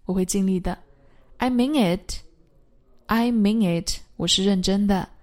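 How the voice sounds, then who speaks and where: A woman English teacher drilling everyday phrases, saying each one twice slowly and clearly, then giving the Chinese meaning. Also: medium pitch, darkish tone.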